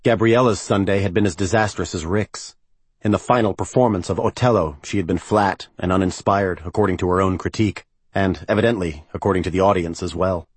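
Deep, husky male audiobook narrator. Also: a little fast, no room sound. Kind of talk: scripted narration.

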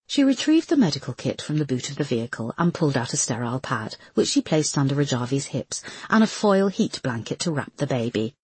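A woman's voice: very deep voice, very animated, fairly quick, few pauses, a little mellow, slightly rough, dry recording. A woman reading an audiobook as its narrator in dramatic, scripted storytelling.

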